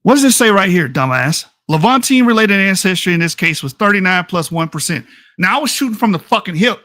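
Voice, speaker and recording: A man's voice: high-pitched, lively intonation, a little fast, bright, forceful tone, dry recording, studio quality. A man in a heated online debate, aggressive and profane, hurling insults and reading aloud from research papers.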